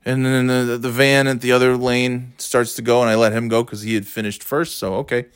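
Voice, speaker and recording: A man's voice: medium pitch, fairly quick, smooth, no echo, studio quality. A man telling a casual, swear-laden anecdote, tired and exasperated, with mocking asides. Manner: animated, swearing, mocking voices in quotes. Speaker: storyteller.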